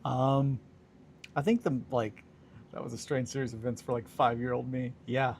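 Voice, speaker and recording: On a livestream, a young man works on a hobby project while casually bantering with viewers, joking and reading chat aloud in a laid-back way. His mid-range voice is gravelly and darkish, steady in tone at normal speed, with slight background noise.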